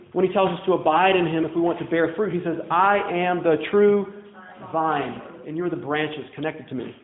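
High-voiced pastor preaching in an echoey church. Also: male voice. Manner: conversational preaching with questions to the congregation. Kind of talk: sermon. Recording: phone-like echoey church sound.

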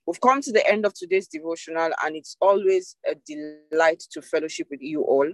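A woman's voice: low voice, brisk. A woman preacher leading an online devotional, delivering an emphatic sermon over a video call, repeating key phrases for emphasis.

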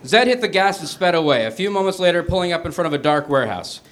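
A man reading a comic story aloud on a small theater stage before a live audience, with an animated delivery. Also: high-pitched, quick pace. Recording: noisy live stage recording.

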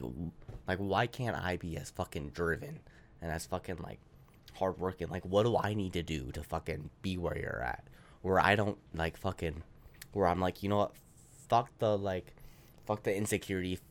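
A man co-hosting a casual podcast, rambling with lots of swearing and filler words. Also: low-pitched. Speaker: podcast co-host.

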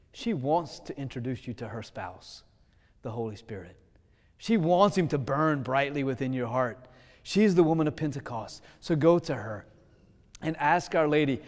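A man preaching a sermon with passion, swinging between loud pleading prayer and hushed, gentle speech. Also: medium pitch, in a large hall.

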